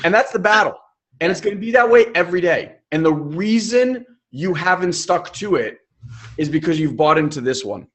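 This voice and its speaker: Emphatic, high-voiced male life coach. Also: animated, moderate pace, a bit bright. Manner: emphatic, casual, occasional swearing. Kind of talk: live webinar coaching talk.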